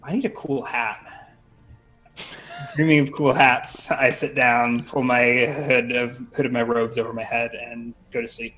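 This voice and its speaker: A man's voice: mid-range voice, flat delivery, measured pace, sharp tone, faint music behind, poor audio. A man chatting casually as a tabletop game player, rambling and breaking off his own sentences. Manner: chatty, rambling, self-interrupting.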